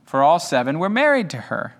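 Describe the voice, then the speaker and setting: Male pastor, high and very expressive voice, chatty preaching with jokes, reverberant hall. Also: a little fast. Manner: animated and conversational, with humorous asides. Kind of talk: sermon.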